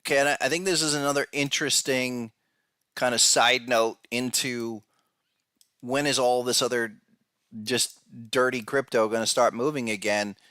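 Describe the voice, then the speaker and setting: A man's voice: medium pitch, steady tone, moderate pace, pushed and bright, dry recording, studio quality. A man hosting a podcast, giving casual market analysis, who talks to viewers directly and often repeats words as he goes. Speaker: podcast host and trading analyst.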